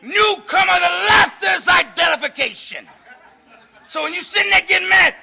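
A man testifies at a recovery meeting in a piercingly bright, high voice with a gravelly edge. He preaches more than he chats, often raising his voice to a shout for emphasis. He laughs between his points. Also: animated, moderate pace, a faint crowd.

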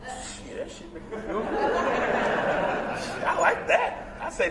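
A man giving an impassioned, preacherly share as a convention speaker, emphatic and at times shouting. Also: very high-pitched, huge pitch swings, very slow, creaky, a loud crowd, very noisy. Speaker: guest speaker at a recovery convention. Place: large indoor convention hall. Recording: echoey hall, from far off.

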